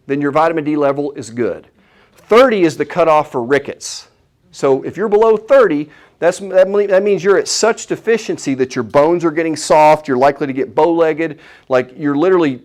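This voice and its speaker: A man giving a live health seminar, opinionated and animated, asking the audience questions as he goes. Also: a little high. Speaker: chiropractor giving a health talk.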